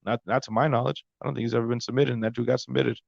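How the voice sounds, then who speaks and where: A man's voice: mid-range voice, steady tone, racing, creaky, darkish tone, no room sound, highs cut off. A man hosting a podcast, recapping fights in a casual, rambling monologue and stumbling over names. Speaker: podcast host. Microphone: close mic.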